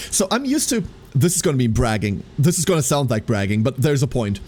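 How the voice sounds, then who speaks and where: A man chatting casually on a live stream, rambling and animated, who tacks a running 'quack' onto his lines. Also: fairly high pitch, fast.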